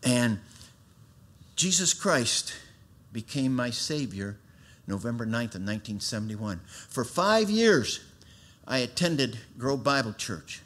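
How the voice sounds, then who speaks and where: In an unhurried, mid-range voice, a middle-aged man gives his sermon testimony with folksy storytelling flair. He alternates between emphatic, loud outbursts and soft, sincere tones.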